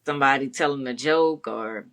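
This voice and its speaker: A woman's voice: a bass voice, normal speed, a bit bright. A woman co-hosting a podcast in easygoing casual chat, encouraging and laughing often. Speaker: podcast co-host.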